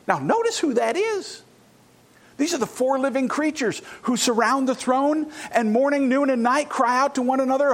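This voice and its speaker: A man preaching a sermon, swinging between loud exclamations and hushed, near-whispered reflection. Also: high-pitched, lively intonation, moderate pace. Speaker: pastor.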